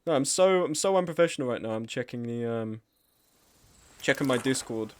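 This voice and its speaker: A man's voice: mid-range voice, expressive, brisk. A man live-streaming a game, chatting casually with his chat in a sweary, self-deprecating way.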